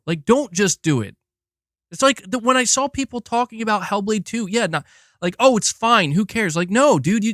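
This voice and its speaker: A man's voice: sits high, fairly bright tone, no echo, clean studio sound. Profane, rambling male streamer. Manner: profane, frustrated, rambling with restarts. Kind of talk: casual live-stream rant.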